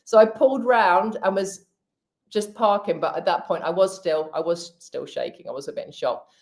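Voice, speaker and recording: A woman guest, telling a personal story in casual chat, animated and expressive with quick restarts. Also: on the low side. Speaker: guest speaker.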